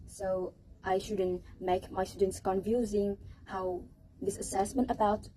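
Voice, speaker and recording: A woman's voice: mid-range voice, level tone, measured pace, warm tone, slight background noise, low-quality recording. Woman giving a hesitant class presentation. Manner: hesitant, with fillers and restarts. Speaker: student presenting a teaching project.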